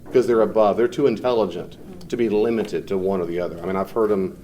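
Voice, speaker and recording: A man's voice: fairly low pitch, fast talker, dark tone, slight background noise. A man teaching a class in a conversational, off-the-cuff way, fielding questions from students and often mimicking people in short quoted voices.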